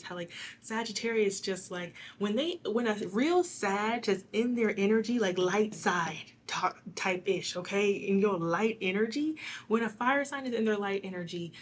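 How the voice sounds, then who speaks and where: A young woman talks through a tarot reading in a loose, rambling way, leaning on "like" as she goes. Her mid-pitched voice sounds a little hoarse and raspy. A faint hiss sits under the recording. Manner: rambling and chatty, full of "like". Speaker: tarot reader. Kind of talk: casual one-on-one tarot reading.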